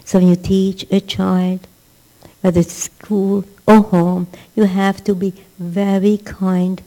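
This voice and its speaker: Woman rebbetzin giving a class, warm mellow voice, emphatic, repeats herself for stress. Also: on the low side, steady tone, takes it slowly, poor audio. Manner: emphatic, repeats words for stress, acts out quotes. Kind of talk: religious lecture.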